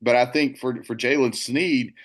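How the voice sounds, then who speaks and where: Male sports reporter, mid-pitched, relaxed analytical chat. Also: normal speed. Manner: chatty storyteller, retells quotes. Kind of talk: casual sports talk.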